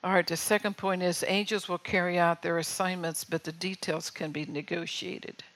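A woman's voice: fairly low pitch, flat delivery, moderate pace, fairly bright tone, rough recording. An older woman preaching a sermon in a conversational way, often checking in with her listeners.

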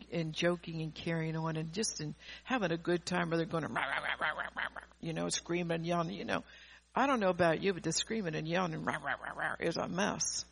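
A woman's voice: low voice, vocal fry, slightly rough. An older woman preaching an earnest sermon, often repeating and restarting her phrases.

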